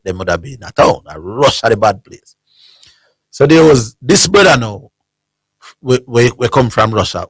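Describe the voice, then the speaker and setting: A man with a Jamaican accent hosting a sports call-in radio show, telling an animated anecdote in creole and chuckling often. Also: fairly low pitch, dry recording. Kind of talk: casual storytelling on call-in radio.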